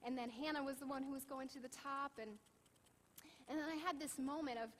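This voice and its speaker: A woman's voice: high-pitched, steady tone, brisk, big-room sound, rough recording. A woman in her thirties preaching a sermon in a church, telling personal stories in a candid, conversational way. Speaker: pastor.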